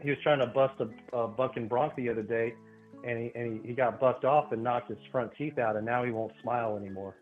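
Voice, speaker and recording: A man's voice: mid-range voice, fairly even intonation, fairly quick. A man calls in to a show and chats in an easygoing, nerdy way. His voice comes through a thin, tinny phone line. Faint music plays underneath. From Beaumont, Texas. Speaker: caller. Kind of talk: casual call-in chat.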